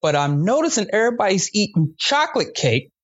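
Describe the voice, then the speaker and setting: A man in a podcast conversation, spinning an animated comic story full of slang and swearing. His voice sits a bit high for a man, and the recording sounds dull and lo-fi. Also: a little fast, breathy edge. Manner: loose, slangy, profane. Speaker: guest comedian.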